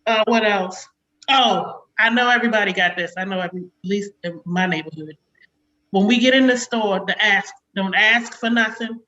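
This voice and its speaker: A woman in her forties doing a chatty stand-up comedy set over a video call, slipping into sharp quotes of a stern mother. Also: medium pitch, moderate pace, lo-fi sound. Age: 40s.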